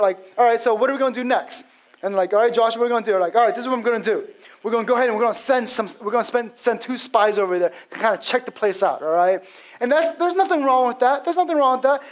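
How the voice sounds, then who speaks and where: A man's voice: very high voice, poor audio. A male pastor giving an expository sermon in a casual storytelling manner, acting out quotes with frequent fillers.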